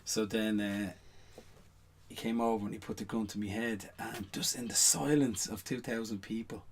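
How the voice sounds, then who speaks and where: A man's voice: on the low side, fairly even intonation, normal speed, slight background noise. Man telling rambling stage stories. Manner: rambling anecdotes with many "you know what I mean" asides. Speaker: guest, stage performer. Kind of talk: casual podcast storytelling.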